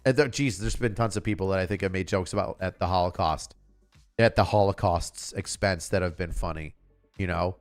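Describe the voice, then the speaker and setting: A man's voice: low voice, a little fast. Sarcastic ranting man with music behind. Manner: exasperated, sarcastic ranting with frequent filler words and swearing. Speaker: streamer reacting to a comedy special. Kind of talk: casual reaction commentary.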